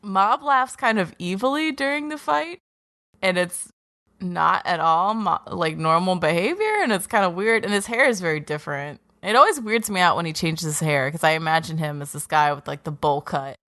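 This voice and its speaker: A woman's voice: on the low side, animated, normal speed, a bit bright, dry recording, studio quality. A woman co-hosting an anime podcast, recapping episodes in a sarcastic, swearing, casual way and acting out characters' lines. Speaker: podcast co-host.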